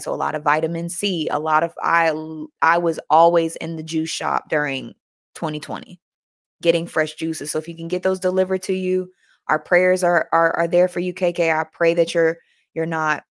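A young woman hosting a motivational live chat, animated and talking straight to her listeners, often repeating herself. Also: sits low. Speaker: host.

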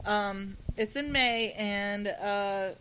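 A woman's voice: mid-range voice, very slow, noisy background. A young woman with a slight lisp, co-hosting a casual podcast chat and talking with lots of "like" fillers. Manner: chatty, many "like" fillers, laughs often. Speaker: podcast co-host.

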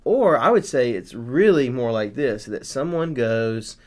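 A man's voice: mid-range voice, expressive, measured pace. A man co-hosting a casual Bible study talk, rambling with many fillers and restarts. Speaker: podcast co-host.

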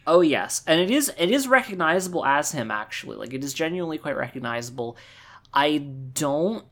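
A podcast co-host in a loose, casual chat, giving opinions in a rambling way. Thoughts come out in stops and restarts, often circling back to repeat a point. The voice sits at a middle pitch. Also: big pitch swings, fairly quick, a bit bright. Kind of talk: casual chat about game voice acting.

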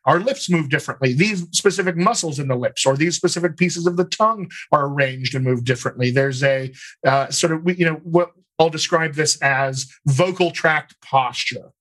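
A man with a General American accent and slight Colorado features, a dialect coach explaining his method in a calm, methodical interview. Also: fairly high pitch, moderate pace, poor audio. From United States. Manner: explanatory, methodical, talks in lists. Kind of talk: conversational interview.

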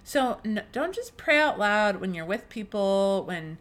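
A woman's voice: mid-range voice, very animated, unhurried, a bit bright. A young woman hosting a faith podcast, telling a personal story in an earnest, emotional way, with many restarts and fillers. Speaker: podcast host.

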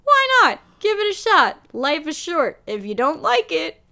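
High, lively-voiced woman chatting. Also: a little slow. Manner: expressive, playful, swoops between voices for quotes. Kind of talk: casual chat.

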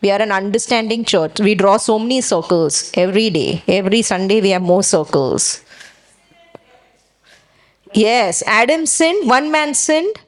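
A woman pastor preaching a sermon, exhorting her church and drawing responses with quick questions. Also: medium pitch, animated.

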